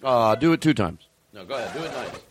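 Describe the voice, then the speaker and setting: A man hosting a casual studio chat show, profane and excitable, breaking into shouts of encouragement. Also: mid-range voice, fast talker, a little hiss or hum. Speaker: podcast host. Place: recording studio.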